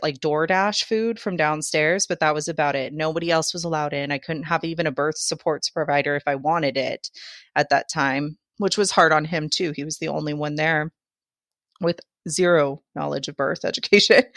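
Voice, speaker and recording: Low-voiced woman telling her birth story. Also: a bit bright, dry recording, studio quality. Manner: candid, emotional, laughs through hard parts. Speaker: podcast guest.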